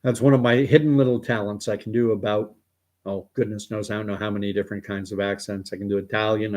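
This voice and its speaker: A man's voice: lowish voice, flat delivery, quick pace, a little mellow. A man from Canada hosting a livestream, reading viewer comments aloud and musing in a rambling, digressive way. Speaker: host.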